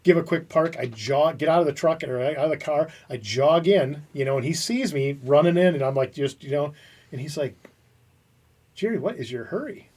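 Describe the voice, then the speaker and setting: A man in his fifties hosting a casual podcast and telling an animated workplace story with frequent restarts. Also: a little high, a little fast, recorded from a distance. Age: 50s. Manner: animated anecdote teller with many restarts. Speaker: podcast host.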